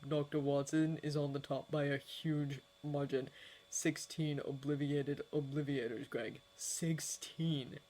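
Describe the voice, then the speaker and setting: Woman reading calm wry male auror, dry humor, even delivery, audiobook. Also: fairly high pitch, takes it slowly.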